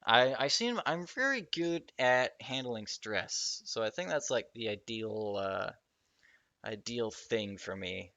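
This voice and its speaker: A man's voice: mid-range voice, lively intonation, takes it slowly, gravelly, pushed and bright, dry recording. A young man hosting his own podcast, rambling and self-deprecating, swearing casually as he wanders between thoughts. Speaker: podcast host. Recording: dull lo-fi podcast audio.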